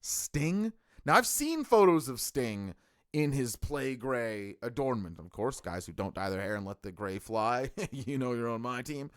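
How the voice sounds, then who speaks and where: A man's voice: mid-range voice, animated, a little slow, dry recording, studio quality. A middle-aged man hosting a live stream, reviewing a show in an enthusiastic, rambling way with lots of fillers and restarts. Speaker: wrestling stream host.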